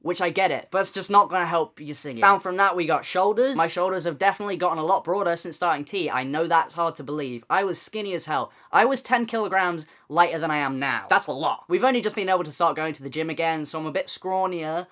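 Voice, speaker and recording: A man's voice: on the high side, quick pace, hardly any pauses, sharp tone. A young man vlogging in a casual, candid and self-deprecating way, chatting straight to camera.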